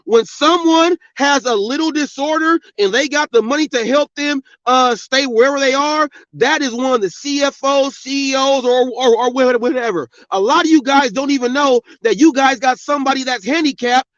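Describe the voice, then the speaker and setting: A man's voice: very high-pitched, moderate pace, hardly any pauses, a bit bright, no room sound. A middle-aged man hosting a podcast, delivering an angry, profane, preachy rant. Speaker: podcast host. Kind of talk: ranting monologue. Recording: dull, lo-fi sound.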